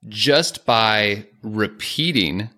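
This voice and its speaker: A man's voice: on the low side, expressive, very slow, sharp tone. A man co-hosting a productivity podcast, chatting casually with jokey, self-aware asides. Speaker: podcast co-host.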